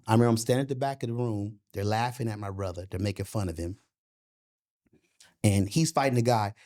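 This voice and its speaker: A middle-aged boxing and MMA coach tells stories in a casual interview at a medium pitch. He's animated and profane, often asking "you know what I'm saying."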